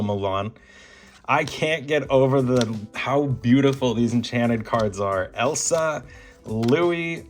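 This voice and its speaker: A man hosting a card-opening vlog, calling out each card and gushing when a big pull appears. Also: medium pitch. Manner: gushing, animated, breaks into laughter and shouts at big pulls. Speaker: card-opening channel host. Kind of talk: excited pack-opening vlog.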